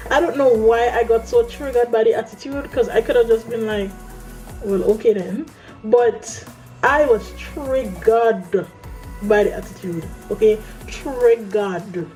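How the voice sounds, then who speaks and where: A woman tells a personal story in a relaxed vlog style, speaking her own quoted lines with lively flair. Her voice sits a little high yet sounds mellow and warm. Soft music plays faintly underneath. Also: measured pace, low-quality recording. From Caribbean island. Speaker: vlogger. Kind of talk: casual storytime monologue.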